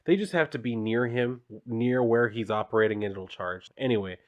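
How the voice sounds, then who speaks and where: A man talks through a comic book issue in an easygoing, rambling way. He is full of fillers and drops the odd swear word. His voice sits at a middling pitch for a man. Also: normal speed, highs cut off. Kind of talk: casual recap of a comic issue.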